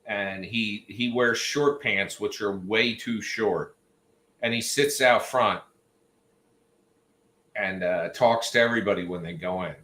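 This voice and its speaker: A man talks casually to his viewers, spinning rambling stories with jokey asides. His voice is bright and he takes his time. The room around him has a noticeable echo. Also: on the low side, slow pace, pauses often. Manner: chatty storyteller, jokey asides. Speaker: livestream host. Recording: roomy echo.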